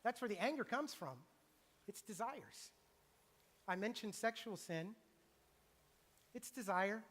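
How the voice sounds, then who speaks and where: Animated male pastor in a reverberant church. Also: high-pitched, takes it slowly. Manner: animated, acts out quoted voices. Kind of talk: sermon. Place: church sanctuary.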